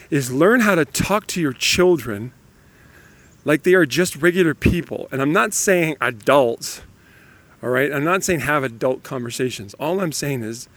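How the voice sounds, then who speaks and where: This man, somewhere in his thirties or forties, pitches his voice fairly high. He's a dad sharing stories about raising kids, chatting casually and animatedly with frequent laughter.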